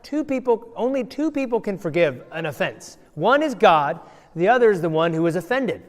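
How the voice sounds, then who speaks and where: Animated pastor telling kids a story. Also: male voice, high voice, moderate pace. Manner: playful and animated, questions the kids and acts out voices. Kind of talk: lively children's sermon with audience participation. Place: large church hall. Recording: long church hall reverb.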